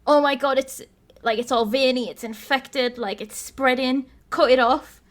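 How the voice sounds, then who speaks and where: A woman's voice: high-pitched, fairly even intonation, unhurried. A woman voicing a panicking young man whose hand was bitten. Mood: panicked.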